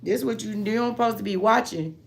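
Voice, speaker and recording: A woman hosting a casual livestream, telling a story in a loose, animated way and answering her viewers with endearments like sweetheart and baby. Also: mid-range voice, vocal fry. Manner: loose, drawn-out delivery with restarts. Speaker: livestream host.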